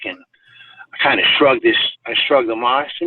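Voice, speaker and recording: A man's voice: on the low side, moderate pace. Guy telling a long story, lots of uhs and you knows, sounds like a phone call from across the room. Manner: rambling, many fillers and restarts. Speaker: podcast guest. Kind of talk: personal storytelling. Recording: tinny phone-like sound from far off.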